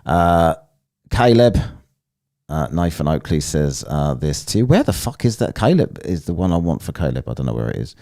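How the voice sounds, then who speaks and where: Deep-voiced man mocking on a stream. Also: sing-song, moderate pace. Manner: mocking, profane, shouts at chat. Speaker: streamer reacting to a debate. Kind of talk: casual live-stream commentary.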